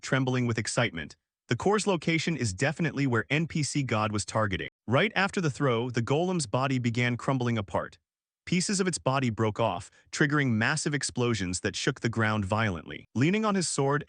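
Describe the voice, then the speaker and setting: A man reads a story recap aloud in an even, steady storytelling voice at a medium pitch. The recording is dry and close, with no room sound. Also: a little fast, dry recording. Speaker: recap narrator. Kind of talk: scripted story narration.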